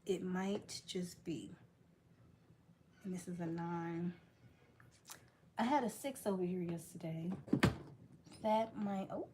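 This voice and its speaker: A woman's voice: on the low side, slow, pauses often, background noise. A woman vlogging in casual chat while she works, playful and joking, laughing often.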